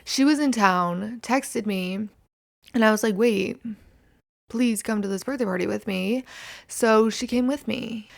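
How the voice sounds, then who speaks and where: A woman's voice: fairly high pitch, unhurried, gravelly. A hungover woman in her twenties hosting a casual solo podcast, rambling and self-mocking and swearing freely. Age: 20s. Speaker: podcast host.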